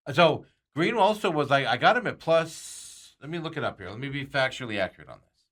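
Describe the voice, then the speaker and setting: Medium in pitch and fairly bright, this man's voice carries a rambling sports betting chat on his talk show. He reads viewer comments aloud and keeps chuckling.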